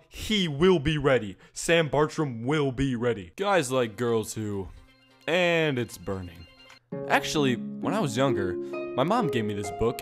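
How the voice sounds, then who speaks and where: Lively, wry young man with faint music. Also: mid-range voice. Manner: wry, jokey, breaks into laughter and exaggerated shouting. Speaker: YouTuber reacting to videos. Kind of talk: casual reaction commentary.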